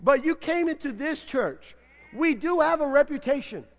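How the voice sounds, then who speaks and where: A man preaching as pastor in a church, playful and laughing, acting out people's excuses in a lively sermon. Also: extremely high pitch, moderate pace. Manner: playful, acts out congregants' excuses, frequent laughter. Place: church sanctuary.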